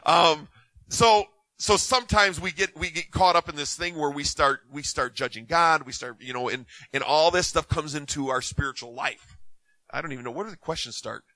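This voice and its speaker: A man's voice: a little high, moderate pace, dry recording, low-quality recording. A man in his fifties preaching, telling personal stories with lots of repetition and restarts before answering questions. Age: 50s. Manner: animated storytelling with many restarts. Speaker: minister. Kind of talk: sermon with Q&A.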